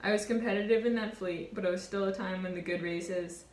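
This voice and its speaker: A woman in her twenties, a college sailor, telling a reflective personal story in an earnest, warm way. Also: medium pitch, fairly even intonation, a little fast, reverberant. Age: 20s. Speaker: college sailor and award winner.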